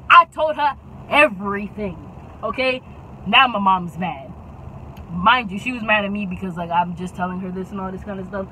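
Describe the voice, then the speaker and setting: Animated young woman telling a story. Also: a little high, a little fast, a little hiss or hum, rough recording. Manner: animated, dramatic, keeps adding "okay?". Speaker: YouTube storyteller. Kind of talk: casual storytime.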